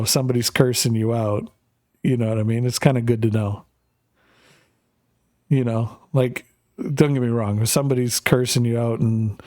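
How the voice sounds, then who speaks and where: A man's voice: medium pitch, a little mellow, no echo, studio quality. A man from Canada, a gaming streamer chatting casually with viewers in a rambling, profane, joking way. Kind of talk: casual chat while gaming.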